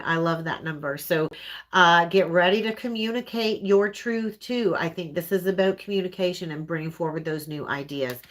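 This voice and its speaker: A woman's voice: fairly low pitch, noisy background. Earnest Canadian woman reading tarot. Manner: earnest, conversational, often tags lines with "right?". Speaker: tarot reader. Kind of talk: live-streamed tarot reading.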